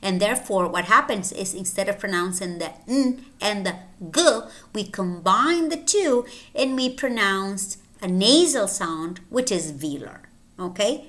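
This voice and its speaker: A woman teaching English pronunciation, saying each example word slowly and clearly, often twice. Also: medium pitch, animated, a bit bright. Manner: slow, deliberate, repeating each word twice. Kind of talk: phonetics lesson with word drills.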